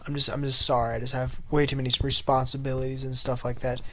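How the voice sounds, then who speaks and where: A man's voice: medium pitch, level tone, fast, bright, forceful tone, lightly acted. A man voicing a proud young inventor who answers with curt, cold defiance in an improvised fan story. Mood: cold, defiant.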